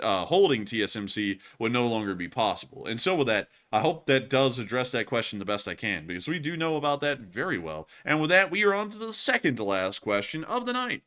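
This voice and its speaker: A man's voice: fairly low pitch, sharp tone. A man who is feeling under the weather, hosting a live stream and answering chat questions with set sign-offs. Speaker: host.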